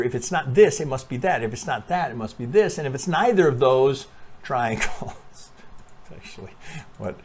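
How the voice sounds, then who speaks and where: A man's voice: on the low side, a little hiss or hum. A man hosting his own trading channel, walking viewers through charts in a rambling, casual monologue full of curses, restarts and "right?", now and then coughing from allergies. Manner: rambling, profane, self-correcting, talks to viewers with frequent "right?".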